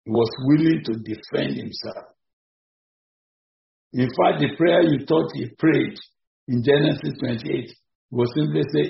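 Gravelly preacher man in an echoey room. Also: unhurried, a little hiss or hum. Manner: emphatic, repetitive preaching with sudden rises in pitch and volume. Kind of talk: evening sermon. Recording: echoey, dull-sounding room recording.

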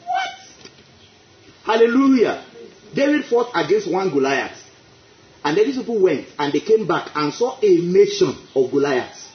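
A man's voice: high-pitched, wildly swooping pitch, a little slow, pauses often, a little hiss or hum. A male preacher delivering an emphatic sermon, repeating his phrases and breaking into exclamations of praise. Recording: echoey, dull lo-fi.

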